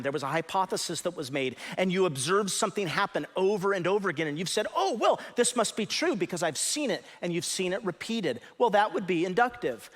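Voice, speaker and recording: Animated preacher in a reverberant hall. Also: male voice, high-pitched. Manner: animated, emphatic preaching with sudden loud stresses. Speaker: pastor. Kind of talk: sermon. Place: church sanctuary.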